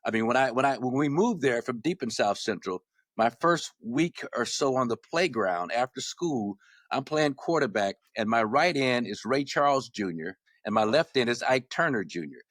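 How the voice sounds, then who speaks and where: A man in his sixties from Los Angeles, a former basketball player telling stories as a podcast guest, animated and often repeating words as he restarts. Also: mid-range voice, normal speed, no room sound, studio quality. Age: 60s. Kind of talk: casual storytelling.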